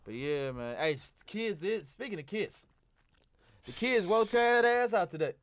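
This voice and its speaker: A man's voice: sits high, lively intonation, moderate pace. A man in his mid-thirties, telling laid-back stories in a casual podcast chat. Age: 30s.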